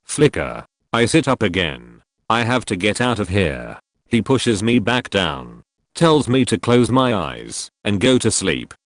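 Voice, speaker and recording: A young man reading a first-person account aloud in measured scripted narration, dropping to a hush on repeated refrains. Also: sing-song, dry recording, studio quality. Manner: low, measured, drops to a hushed tone for repeated refrains. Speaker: narrator reading a trip report.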